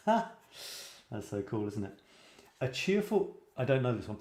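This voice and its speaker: A man's voice: mid-range voice, big pitch swings, normal speed, a little mellow, reverberant. A man hosting a casual live chat about writing, reading funny poems aloud with lots of fillers and restarts. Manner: reads light verse playfully. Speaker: host.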